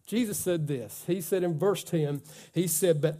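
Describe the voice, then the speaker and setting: A pastor preaching a sermon in a church, fervent and folksy, calling out "come on" and dropping to a slow hush for scripture. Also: male voice, a little high. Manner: fervent preaching, swings from loud urging to hushed slow scripture reading; folksy, says "man" and "come on".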